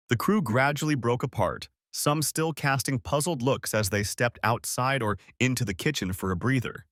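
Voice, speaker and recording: A man narrating a dramatic story in a scripted, expressive reading. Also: mid-range voice, moderate pace, few pauses, no echo, clean studio sound.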